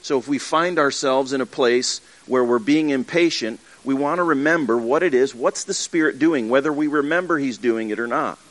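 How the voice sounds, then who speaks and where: A man preaching in an earnest, conversational way, with a voice at a middle pitch for a man. He restarts his phrases often and slips into little acted asides. The sermon moves freely, more like talking to friends than reading a script. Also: normal speed, few pauses, fairly bright tone. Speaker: pastor. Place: church with livestream.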